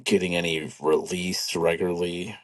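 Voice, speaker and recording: A man co-hosting a podcast, talking in a relaxed, reflective way in loose run-on sentences. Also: sits low, normal speed, dry recording. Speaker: podcast co-host. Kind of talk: casual podcast chat.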